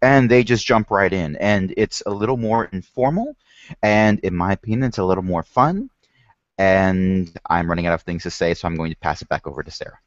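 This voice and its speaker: A relaxed, joking man teacher with a fairly low voice co-hosts an online session. He explains things casually over a video call. The sound is dull and dry. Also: brisk, no echo. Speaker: teacher and co-host. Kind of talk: casual online meeting talk.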